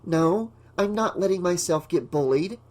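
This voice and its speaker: A man voicing a frightened, shaken but stubborn teenage girl in an audiobook, with high, shrill outbursts. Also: very animated, moderate pace. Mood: pleading.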